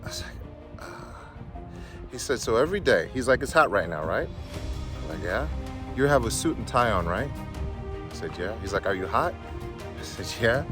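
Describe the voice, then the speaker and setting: A man giving a motivational speech, telling a story with animated, emphatic delivery and acting out both sides of a conversation. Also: on the low side, fairly quick, pauses often. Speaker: motivational speaker. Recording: music bed under speech.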